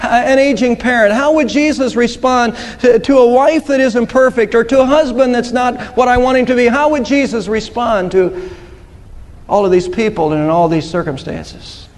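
A man's voice: very high-pitched, normal speed. A man preaching a sermon in an earnest way, quoting scripture and telling a story to a congregation. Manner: earnest, storytelling with quoted voices. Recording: long hall reverb.

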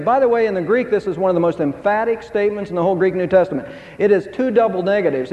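A man's voice: high voice, animated, fairly quick, mellow. A man preaching a sermon as pastor, emphatic, with his voice rising on key phrases. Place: church sanctuary. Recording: dull sound with long hall reverb.

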